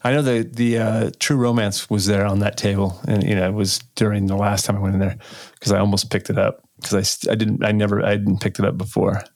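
A man co-hosting a podcast in casual chat, rambling and halting as he searches for words. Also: fairly low pitch, level tone, creaky, darkish tone, no room sound, studio quality. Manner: rambling, halting, many fillers and restarts. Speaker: podcast co-host.

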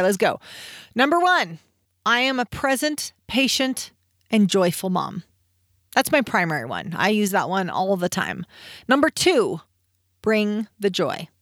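A woman's voice: medium pitch, fairly bright tone, dry recording, studio quality. A middle-aged woman hosting her own podcast, talking casually and upbeat as she shares parenting affirmations. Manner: upbeat, conversational, with self-help affirmations. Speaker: podcast host. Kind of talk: casual solo podcast talk.

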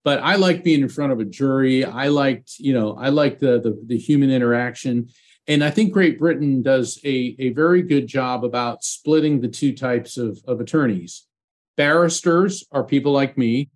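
A man's voice: mid-range voice, moderate pace. A man, a psychic medium being interviewed as a guest, telling a personal story in an earnest, heartfelt way.

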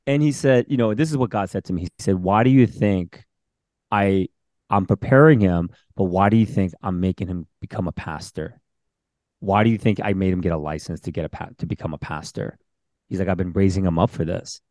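This man's voice sits low and moves a little fast, with no room sound in the clean studio recording. He's a senior pastor and podcast host, casually telling a story during an interview and animatedly performing the voices he quotes.

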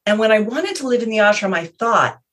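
Woman, interview guest, reflective storytelling, measured and thoughtful. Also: mid-range voice, lively intonation, a bit bright.

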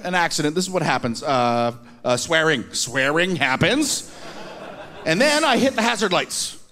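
A Canadian man doing a stand-up comedy set on a theater stage, animated and acting out little scenes and voices. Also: sits high. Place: theater stage with live audience.

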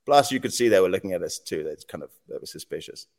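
A man on a podcast as a guest, telling lively stories in casual talk, acting out quotes and noises and laughing often. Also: sits low, quick pace. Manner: animated anecdotes, acts out quotes and sound effects, laughs often. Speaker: podcast guest, former news agency head. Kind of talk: casual storytelling interview.

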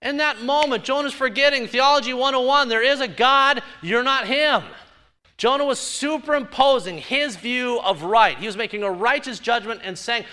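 A man's voice: very high-pitched, moderate pace, sharp tone, smooth. A male pastor preaching a sermon, emphatic and building his points through repeated phrases.

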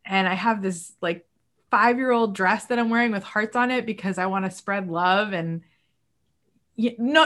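A woman talking as a guest on a podcast, animated and emotional, acting out quoted voices as she speaks. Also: medium pitch, normal speed. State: moved to tears at times. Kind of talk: casual podcast conversation.

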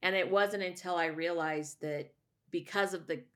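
A woman's voice: fairly low pitch, fairly even intonation, normal speed. A middle-aged woman, a voice teacher and singer, telling a personal story candidly in a rambling way with many restarts.

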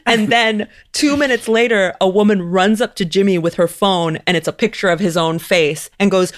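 A man's voice: sits high, moderate pace. A man hosting a podcast, chatting casually and telling anecdotes with frequent laughs. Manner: giggly, animated storytelling. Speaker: podcast host. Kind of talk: casual chat.

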